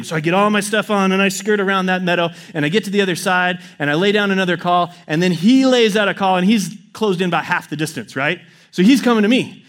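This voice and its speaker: A man preaching to a congregation, telling a personal story in a casual, animated way. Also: sits high. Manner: animated, acts out his story with quick inner quotes. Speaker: pastor. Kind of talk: sermon storytelling.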